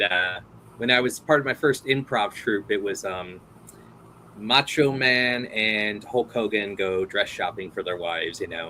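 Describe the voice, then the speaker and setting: A man's voice: lowish voice, measured pace, sharp tone, a little hiss or hum, poor audio. A man hosting a casual interview, telling rambling stories full of fillers and laughs. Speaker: host.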